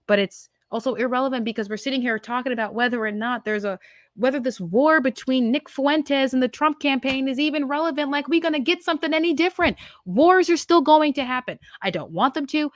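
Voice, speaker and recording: A woman's voice: on the high side, fairly bright tone, no room sound, clean studio sound. A woman in her twenties hosting a podcast, giving a heated, emphatic political monologue full of rhetorical questions. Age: 20s. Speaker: podcast host.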